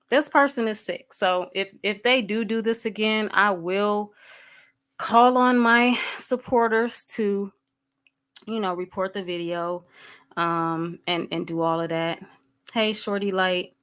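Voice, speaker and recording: A woman's voice: mid-range voice, slow pace, a bit bright, clear, resonant tone. A woman hosting a livestream, talking candidly to her viewers and greeting people in the chat as they arrive. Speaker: livestream host.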